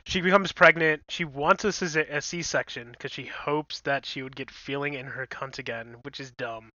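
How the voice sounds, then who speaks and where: A man's voice: medium pitch, moderate pace, sharp tone, dry recording, lo-fi sound. A man co-hosting a casual, crude film recap chat, blunt and chuckling. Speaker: podcast co-host.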